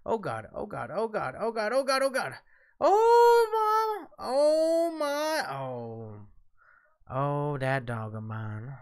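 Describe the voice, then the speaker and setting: A man streaming a game live, tipsy and swearing loudly at the boss as he comments on his play. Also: mid-range voice, animated, measured pace. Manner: profane, yelling and cursing at the game. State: tipsy from drinks and smoking.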